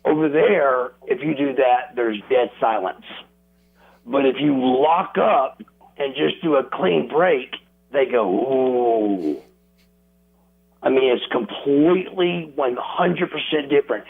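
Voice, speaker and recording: A man telling wrestling stories as an interview guest, animated and acting out crowd reactions and quotes. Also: medium pitch, vocal fry, husky. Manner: animated storyteller, acts out crowd noises and quotes. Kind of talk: casual storytelling interview. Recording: tinny phone line.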